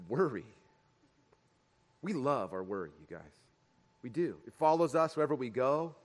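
A man's voice: medium pitch, very animated, normal speed, pauses often, in a large hall. A man preaching a sermon as pastor, conversational and joking, slipping into everyday voices to make his points.

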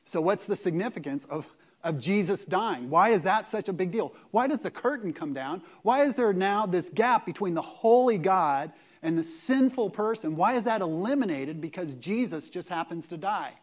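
A man with a high voice preaches with lively energy. He asks rhetorical questions and swings from loud emphasis to hushed asides. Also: moderate pace. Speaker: pastor. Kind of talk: sermon.

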